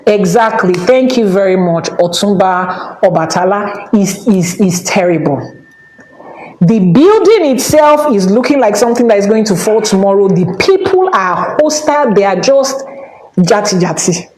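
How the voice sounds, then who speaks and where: A Nigerian woman telling personal stories in an animated way, changing her voice when she quotes other people. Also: mid-range voice. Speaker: spiritual teacher and channel host. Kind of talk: personal storytelling talk. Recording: echoey room with faint background noise.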